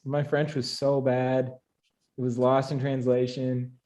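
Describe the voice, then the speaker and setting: A young man on a casual panel chat, telling a story in an animated way and laughing between lines. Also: medium pitch, measured pace, dull audio.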